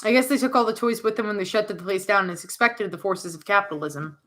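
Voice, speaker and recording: A woman's voice: mid-range voice, fast talker, a bit bright. A young woman streamer who makes jokey, jumpy commentary as she plays a horror game.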